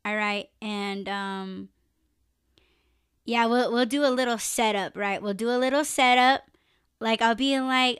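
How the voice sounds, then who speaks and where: A woman's voice: fairly high pitch, steady tone, slow, pauses often, fairly bright tone, smooth, dry recording, studio quality. Laid-back, cursing woman podcast host. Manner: laid-back, swears freely, laughs often. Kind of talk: casual live-stream chat.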